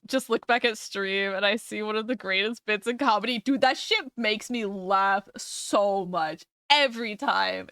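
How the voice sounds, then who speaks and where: A woman's voice: mid-range voice, vocal fry, fairly bright tone, clean tone, no echo, studio quality. A young woman streamer chatting casually with her live audience, giggling often and swearing freely.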